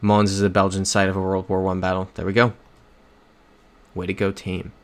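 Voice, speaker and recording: A man's voice: low voice, completely flat delivery, normal speed. A young man chatting casually on a livestream while playing a geography game. He rambles through stories and reads viewer comments aloud.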